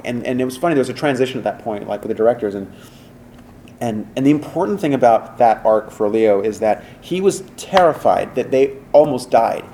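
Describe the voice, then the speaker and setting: A man being interviewed as a voice actor, chatting casually and telling animated stories with acted-out quotes and many fillers. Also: mid-range voice, moderate pace, slight background noise. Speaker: voice actor guest.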